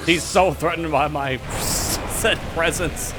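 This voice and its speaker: A man's voice: on the high side, takes it slowly. A man streaming a video game live, joking and laughing often as he comments. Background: game music.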